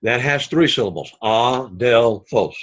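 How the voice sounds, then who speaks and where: A man teaching a Greek class, explaining slowly and patiently and repeating key words for emphasis. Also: medium pitch, lo-fi sound. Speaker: Greek instructor. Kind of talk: recorded class lecture.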